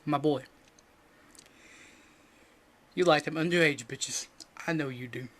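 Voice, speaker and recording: Loud, crude young man ranting. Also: fairly high pitch, fairly quick, slight background noise. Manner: loud, jokey and profane, drops to mumbling asides. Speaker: podcast co-host. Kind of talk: casual crude rant.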